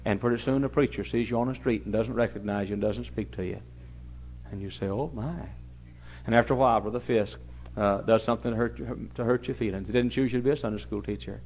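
On a dull lo-fi recording with a little hiss or hum, a middle-aged male pastor delivers a story-driven sermon. His medium-pitched voice swings from hushed tones to loud exclamations.

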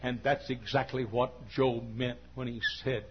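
A man preaching a sermon as pastor, dropping to quiet confiding talk and rising to shouted peaks. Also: medium pitch, little pitch movement, a little slow, noisy background. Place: church. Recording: dull lo-fi recording.

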